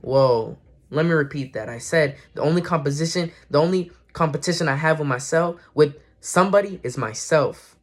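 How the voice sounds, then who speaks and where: A young man vlogging casual spiritual encouragement, earnest and slangy, often repeating and correcting himself. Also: on the high side. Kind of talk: casual motivational talk to camera.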